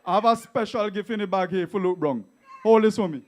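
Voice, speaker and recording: A Vincentian man giving a fiery, mocking campaign rally speech, often shouting to the crowd. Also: high voice, a little fast. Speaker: political rally speaker.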